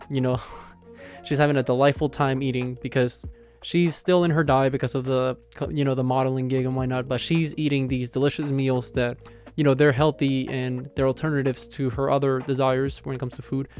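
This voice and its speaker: A man's voice: medium pitch, a little mellow. A man casually recapping a manga chapter, rambling with lots of filler words and amused laughs. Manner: rambling, heavy on "like" and "you know" fillers; amused, laughs while retelling.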